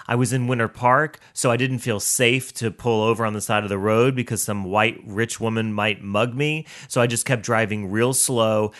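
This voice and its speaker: A man hosts his own show with a comic monologue. His voice is bright and pushed forward. He leans into the sass, swears freely, and tells the story with wide swings in pitch. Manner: sassy, profane, animated storyteller with big pitch swings. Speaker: podcast host.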